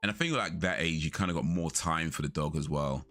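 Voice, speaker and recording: A man's voice: extremely low pitch, fairly quick, fairly bright tone. A young man casually chatting with viewers on a live stream, rambling, correcting himself and laughing often. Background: faint lo-fi music.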